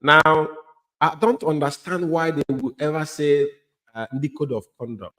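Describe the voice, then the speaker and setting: A man co-hosting a heated talk show, emphatic and quick to agree or interject. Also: fairly high pitch, bright, forceful tone.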